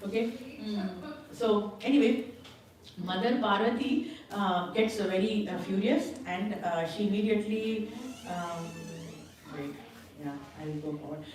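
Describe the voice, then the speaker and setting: A woman's voice: mid-range voice, unhurried, a little mellow, far from the mic. Woman retelling scripture in echoey hall. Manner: retells a story with acted quotes and laughs. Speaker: spiritual class speaker. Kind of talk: storytelling scripture class. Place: temple hall.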